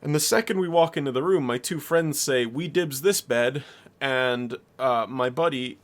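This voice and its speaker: A man's voice: mid-range voice, normal speed. Young man telling a rambling funny story. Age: young adult. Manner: rambling, laughs mid-story, swears freely. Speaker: podcast co-host. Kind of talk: casual storytelling.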